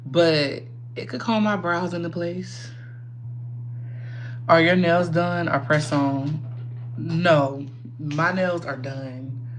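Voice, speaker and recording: Slow, low-voiced casual woman livestreamer. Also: fairly even intonation, a little hiss or hum. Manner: chatty, rambling, swears freely, talks to viewers. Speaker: livestream host. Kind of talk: casual livestream chat while doing makeup.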